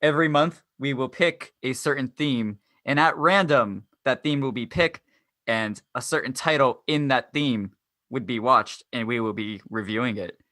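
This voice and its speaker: A young man hosts a podcast in a bright, forceful voice, rambling on and poking fun at himself. The sound is dry and close, with no room around it. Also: mid-range voice, moderate pace, no echo. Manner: jokey, self-deprecating, rambling. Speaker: podcast host. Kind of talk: casual podcast chat.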